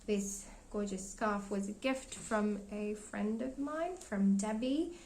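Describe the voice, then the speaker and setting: Slow, chatty woman with a gravelly voice. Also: medium pitch, darkish tone, a little hiss or hum, low-quality recording. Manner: chatty, rambling, searches for names, laughs often. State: losing her voice. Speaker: doll collector vlogger. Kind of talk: casual show-and-tell vlog.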